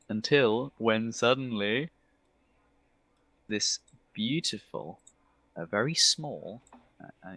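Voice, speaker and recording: A man's voice: fairly low pitch, fairly bright tone, no room sound. A man narrating a tabletop game as game master in a rambling, hesitant way, often restarting.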